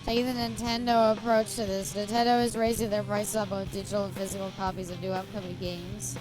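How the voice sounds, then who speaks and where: A woman's voice: medium pitch, little pitch movement, brisk, over music, rough recording. A woman streaming a game, chatting casually, laughing often and bantering with chat. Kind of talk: casual livestream chat while gaming.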